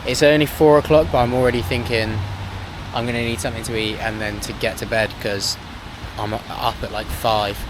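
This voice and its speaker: Man, travel vlogger, casual, self-deprecating, outdoors on busy streets, loud traffic behind. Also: medium pitch, flat delivery, a little fast. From England. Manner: chatty, self-deprecating, rambling asides. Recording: loud city street noise. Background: traffic and street sounds.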